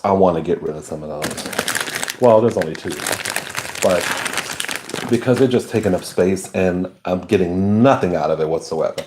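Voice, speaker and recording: A man hosting a live stream, chatting casually and answering viewer comments as he eats, sometimes dropping to a low hushed voice. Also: a little hiss or hum. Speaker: livestream host. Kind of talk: live chat while eating and chewing.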